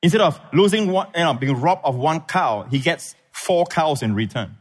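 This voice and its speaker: A man's voice: expressive, moderate pace. Emphatic male pastor preaching. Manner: emphatic, swings between loud peaks and low asides. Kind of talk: sermon. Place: church.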